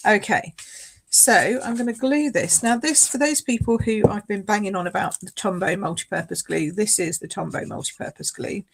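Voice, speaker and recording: A woman demonstrating card making in a live craft tutorial. She chats casually, often apologises and laughs along the way. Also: medium pitch.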